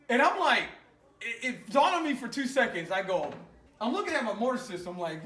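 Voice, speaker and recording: A man, an Army veteran, telling an animated, profane war story in casual conversation in a garage. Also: sits high, brisk, reverberant, far from the mic.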